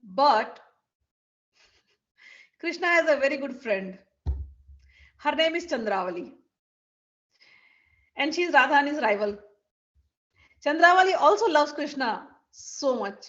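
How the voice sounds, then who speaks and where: A woman telling a devotional story, lively, acting out each character's lines. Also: sits high, takes it slowly, pauses often, highs cut off. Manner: animated, acts out the characters' lines.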